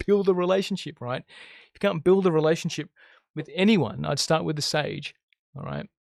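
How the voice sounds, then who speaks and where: Man, fairly high voice with a gravelly edge, blunt spiritual teacher, keeps tagging "right?", dry sound. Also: moderate pace, a little mellow, no echo. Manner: emphatic, keeps checking in with "okay?" and "right?"; blunt, swears freely. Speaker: I Ching teacher and counselor. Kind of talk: casual spiritual monologue to camera.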